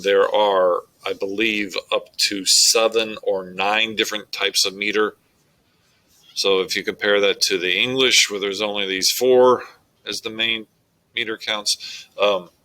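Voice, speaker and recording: A man, teaching a recorded lesson on poetic meter in a slow, deliberate way with frequent fillers. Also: fairly low pitch, sharp tone, poor audio.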